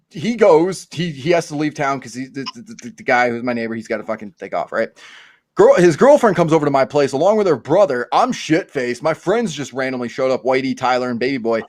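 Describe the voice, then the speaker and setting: Podcast host, male, young adult; crude ranting storyteller with a slightly high voice, close and dry. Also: dry recording. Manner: profane, ranting, stammering restarts.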